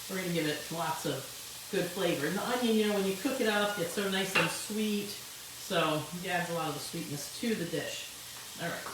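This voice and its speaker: A woman's voice: mid-range voice, noisy background. Chatty woman cooking in an echoey kitchen. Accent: Italian-tinged English. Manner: chatty, rambling, explains as she cooks. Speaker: home cooking show host. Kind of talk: casual cooking demonstration. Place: home kitchen. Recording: very echoey kitchen, distant mic.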